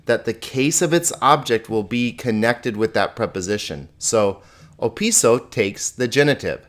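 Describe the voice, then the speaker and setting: A man teaches a recorded lesson in a voice of middle pitch. He explains patiently and slowly, stopping to put questions to his students. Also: animated. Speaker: Greek teacher.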